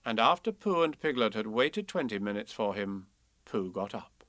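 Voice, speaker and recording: Guy reading a kids storybook, bright voice, super lively, dry close mic. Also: fairly low pitch, normal speed, no echo. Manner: expressive, playful. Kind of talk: storybook read-aloud.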